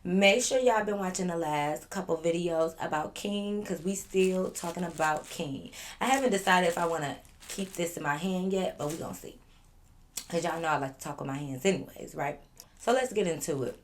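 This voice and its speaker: A woman vlogger telling a casual storytime straight to her viewers from her living room, chatty with lively asides. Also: fairly low pitch, moderate pace, a little hiss or hum.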